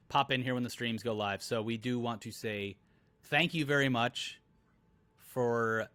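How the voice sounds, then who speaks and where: A young man, co-host runs a loose, rambling live-stream chat at an everyday middle pitch, slipping in jokes and "uh"s as he goes. He sounds casual and unscripted. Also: a bit bright, no echo. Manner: joking, rambling, many fillers.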